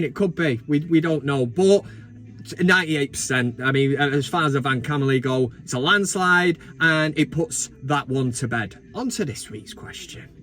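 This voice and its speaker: A man's voice: high voice, fairly bright tone. A man hosting a casual live football fan vlog from inside a van, joking and swearing as he rants. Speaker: football fan channel host.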